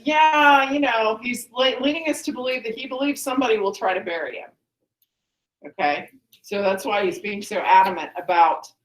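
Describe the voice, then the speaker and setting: A woman teacher walking a class through a play, chatty and full of restarts, asking the students questions. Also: fairly high pitch. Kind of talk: classroom lesson, explaining a play. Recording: echoey classroom.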